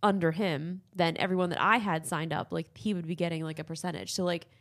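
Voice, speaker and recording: A woman's voice: on the low side, steady tone, a little fast. A woman co-hosting a casual podcast with her sister, talking in a rambling, filler-heavy way. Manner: rambling, filler-heavy, laughs through tears. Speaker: podcast co-host. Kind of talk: casual chat.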